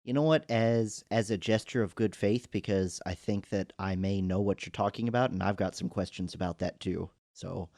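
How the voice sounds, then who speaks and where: A man's voice: lowish voice, normal speed, few pauses, darkish tone, no echo, studio quality. A man playing a tabletop role-playing game, talking in a wry, joking way. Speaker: player. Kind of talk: casual tabletop play.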